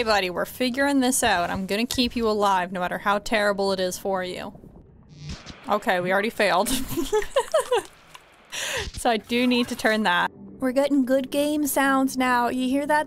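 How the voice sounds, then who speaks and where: A woman's voice: high-pitched, slight background noise. Swearing woman playing a video game. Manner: profane, yells at game characters; chatty, laughs often. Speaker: gamer. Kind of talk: let's play commentary.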